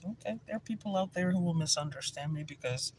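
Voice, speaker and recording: A man with a Nigerian accent, a spiritual teacher telling stories to viewers in a lively, energetic way with bursts of laughter. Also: high-pitched, fast, a little hiss or hum. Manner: energetic, animated storytelling with laughter. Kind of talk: casual teaching talk to viewers.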